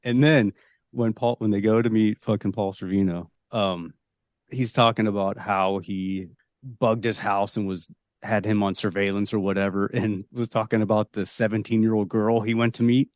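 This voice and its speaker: A man's voice: on the low side, fairly even intonation, normal speed, darkish tone, no echo, studio quality. A man in casual podcast chat, laid-back, swearing and quoting his own reactions. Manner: laid-back, swearing, quotes himself a lot. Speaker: podcast co-host.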